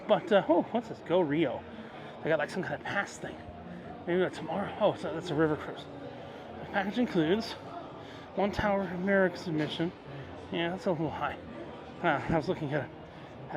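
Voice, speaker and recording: Casual travel vlogger, male, high voice, rambling and excitable, recorded outside with loud background noise. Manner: chatty, excitable, rambling with fillers. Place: roadside stores and outdoors.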